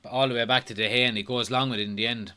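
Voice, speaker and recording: A young man hosting a live football watchalong, reacting excitably, swearing often and reading out viewer comments. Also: medium pitch, racing, clean tone. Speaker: watchalong host.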